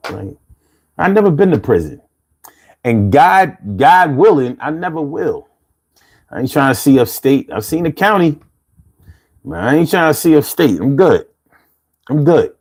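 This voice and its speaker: Streetwise Philly-accented man in his fifties hosting a live stream, lively swings in pitch, laid-back and quick to laugh. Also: slightly rough. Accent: Philadelphia. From Philadelphia, USA. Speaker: livestream host. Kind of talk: casual live chat reading comments.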